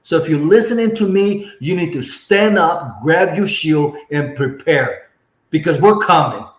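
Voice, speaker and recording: A man's voice: a little high, expressive, unhurried. A man speaking as a school board candidate and guest, giving a fervent, emphatic campaign speech that repeats phrases for punch. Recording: echoey room sound.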